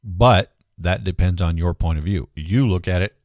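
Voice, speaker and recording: A man's voice: deep voice, moderate pace, darkish tone, no room sound, studio quality. A man hosting a live talk show, rambling and self-deprecating in casual chat. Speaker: show host.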